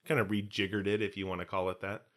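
A man's voice: lowish voice, level tone, fast talker, crowd noise. A man co-hosting a casual podcast, playful and jokey, slipping into hammy pirate bits. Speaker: podcast co-host. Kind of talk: casual chat.

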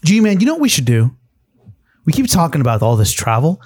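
Brief: male podcast co-host, lively banter, slightly high voice, dry close sound. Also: fairly quick, breathy edge, no room sound. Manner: animated, acts out quoted voices.

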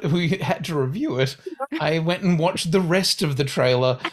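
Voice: medium pitch, moderate pace. A podcast co-host in casual chat, telling stories with acted-out reactions. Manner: animated storytelling with acted-out reactions.

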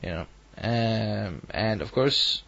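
A man's voice: on the low side, expressive, slow pace, creaky, fairly bright tone, no echo, dull audio. A man hosting an online radio show, rambling and self-deprecating, hesitant as he signs off. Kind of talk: casual online radio chat.

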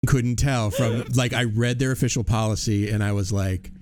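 A man's voice: fairly low pitch, fairly even intonation, normal speed, faint music behind. A young man in a casual podcast discussion, explaining points and bringing in facts. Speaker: medical trainee panelist.

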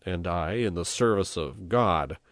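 Don Camillo, a sharp-tongued country priest who needles his opponent with sly irony, as a male narrator gives him voice. The voice is deep and low-set. It sounds dry and close, like a storybook read aloud. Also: measured pace, dry recording. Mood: firm. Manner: mocking, sardonic. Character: shrewd, combative male village priest, sarcastic. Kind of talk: audiobook reading.

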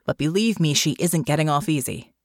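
A brisk, reassuring female army captain, voiced by a woman reading aloud speaks in a matter-of-fact way. The voice is low and the sound is dry. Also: expressive, dry recording.

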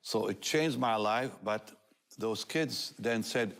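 An older man with a somewhat low voice shares a personal testimony as a guest on a talk show. He tells it with animation, laughing often and acting out the words of others. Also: normal speed.

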